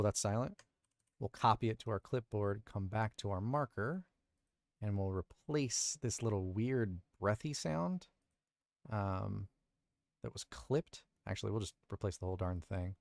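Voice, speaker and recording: A man's voice: fairly low pitch, vocal fry, a little mellow, no echo. A male voice actor chatting casually on a livestream, explaining his editing and thinking aloud from his recording booth. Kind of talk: casual livestream chat about audio editing.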